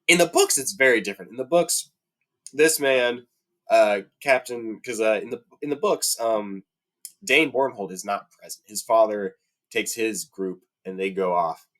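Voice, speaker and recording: A man's voice: a little slow, a bit bright. A man talking casually and heatedly about a fantasy series, with lots of fillers, his voice climbing when he gets indignant. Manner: heated, rising to high-pitched indignation, many fillers. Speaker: book fan commentator. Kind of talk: casual rant about a TV adaptation.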